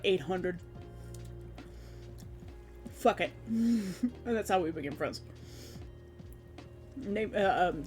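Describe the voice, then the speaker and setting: Rambling streamer recapping a game. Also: medium pitch. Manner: rambling, animated storytelling that slips into quoted character voices. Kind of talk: casual chat recapping a tabletop game.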